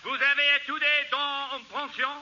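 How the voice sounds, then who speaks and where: A man's voice: very high voice, little pitch movement, brisk, bright, forceful tone. A man with an English accent playing a pompous butler, with a clipped upper-class delivery in a 1940s radio comedy. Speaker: comic guest playing a snooty butler. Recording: 1940s radio broadcast, dull and hissy.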